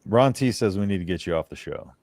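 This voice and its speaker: A man's voice: sits low, animated, quick pace, a little mellow, no echo, clean studio sound. A man from Texas hosting a live call-in sports show, laid-back and teasing. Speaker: host.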